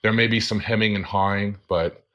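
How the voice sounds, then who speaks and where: A man's voice: on the low side, steady tone, fairly quick, lo-fi sound. A man co-hosting a casual talk podcast, rambling a bit, correcting himself as he goes, and sipping beer between topics. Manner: rambling, self-correcting, drinking beer on air. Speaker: podcast co-host. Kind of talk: casual chat.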